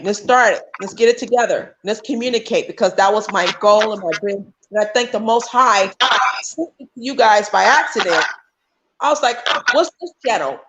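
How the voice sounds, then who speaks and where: A woman speaks as a guest on a livestream call. Her voice sits at a middle pitch, and she talks with emphasis, often starting a sentence over. A faint hiss runs under her remote call mic. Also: low-quality recording. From United States. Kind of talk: casual chat.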